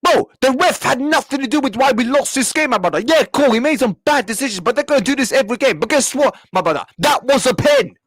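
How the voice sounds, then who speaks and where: A man's voice: extremely high pitch, expressive, fast, hardly any pauses, a bit bright. A young man, ranting angrily at a football match and at viewers in his chat, repeating himself and swearing. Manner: angry, repetitive, swearing, talks back to chat. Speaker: football reaction streamer. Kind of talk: live match reaction rant.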